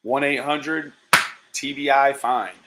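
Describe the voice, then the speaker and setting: A man's voice: medium pitch, fairly even intonation, takes it slowly, noisy background. A man hosting a livestream, talking casually, profane and taunting, calling out to viewers by nickname. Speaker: livestream host.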